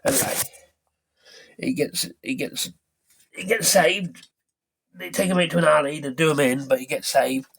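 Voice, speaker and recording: A man's voice: on the high side, fairly even intonation, normal speed, creaky, pauses often, fairly bright tone. A man casually retelling a film's plot from memory, rambling and correcting himself as he goes. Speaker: film reviewer. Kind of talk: casual film recap.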